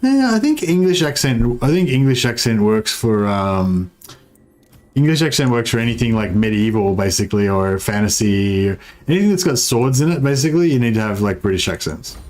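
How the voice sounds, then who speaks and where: This game streamer has an Australian accent and a darkish, mid-range voice with lively intonation at normal speed. Chatting casually while playing live, he rambles, swears freely, and tends to trail off partway through ideas.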